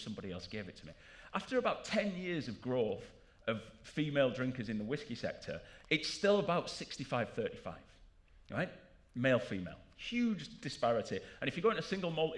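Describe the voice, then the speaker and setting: A man giving a jokey, animated conference talk to a live audience in a large room. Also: mid-range voice. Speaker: conference speaker.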